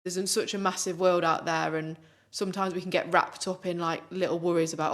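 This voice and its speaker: A woman's voice: on the low side, flat delivery, a little fast, fairly bright tone. A young woman, co-hosting a podcast in a chatty, upbeat way with many fillers. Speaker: podcast co-host. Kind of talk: casual podcast chat.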